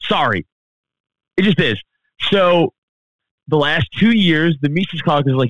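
A man's voice: fairly high pitch, expressive, a little slow, a bit bright, no room sound, rough recording. A male comedian as a podcast guest, ranting heatedly and swearing a lot. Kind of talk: podcast interview.

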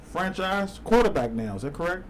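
A man's voice: high voice, sing-song, normal speed, slight background noise, rough recording. Upbeat, insistent male sports show host. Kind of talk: casual radio chat.

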